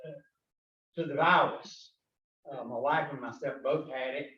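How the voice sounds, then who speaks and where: Ninety-something man speaking at a club meeting, halting, dull distant recording. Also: medium pitch, fairly even intonation, sharp tone. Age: 90s. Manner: halting, with fillers. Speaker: club member. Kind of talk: informal remarks at a meeting. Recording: echoey room from far off, dull sound.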